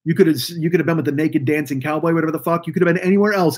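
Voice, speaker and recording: Rapid-fire and steady in tone, his high-leaning voice comes through a webcam mic with a little hiss or hum. He is a live stream podcast host who greets his viewers in a chatty, rambling, profane way.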